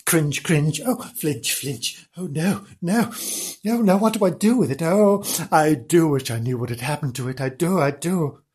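A man's voice: on the high side, lively intonation, normal speed, darkish tone, husky. A man voicing a flustered, henpecked husband who dithers and repeats himself in a storybook tale. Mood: panicky.

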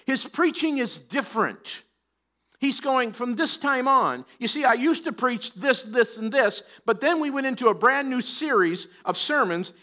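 Middle-aged preacher guy, high voice, bright tone, gets animated doing the bible voices. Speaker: pastor. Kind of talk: sermon.

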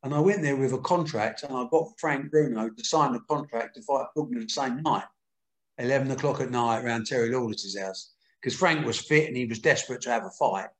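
A man's voice: mid-range voice, a little fast, roomy sound. Older male guest, candid storyteller, plain mid-range voice. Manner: candid, earthy, acts out quotes. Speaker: boxing promoter. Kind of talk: anecdotal interview storytelling.

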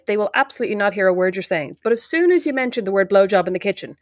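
A woman's voice: a little high, animated, fast, few pauses. A woman co-hosting a podcast in casual chat, bantering in a wry, joking way. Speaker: podcast co-host.

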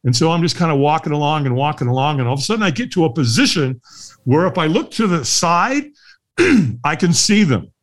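A middle-aged man, a guest on a podcast, telling a story in a lively way and laughing often. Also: a little high, a little fast. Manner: lively, laughs often, acts out the voices of others. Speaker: guest, firewalk instructor. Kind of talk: animated storytelling in a podcast interview.

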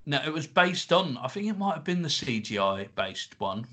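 A man's voice: a little high, sing-song, moderate pace, a bit bright. Jokey man in casual banter. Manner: jokey, acts out quoted voices. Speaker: podcast co-host. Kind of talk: casual comedic chat.

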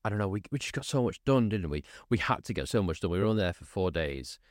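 Low-voiced man, chatty host. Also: fast talker, dry recording, clean studio sound. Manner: animated storytelling with repetitions. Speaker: podcast host. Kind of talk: casual chat. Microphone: studio microphone.

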